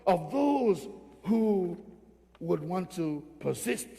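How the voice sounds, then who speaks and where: Animated pastor, gravelly voice. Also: male voice, high-pitched, extremely slow. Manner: emphatic, repeats phrases for stress. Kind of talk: sermon. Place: church sanctuary. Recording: reverberant church hall.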